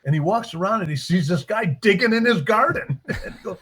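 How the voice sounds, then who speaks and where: A man, a book author in a casual interview, retelling his short stories with lively acted-out character lines. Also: high voice, fairly quick, slightly rough. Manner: animated storyteller, acts out characters' lines.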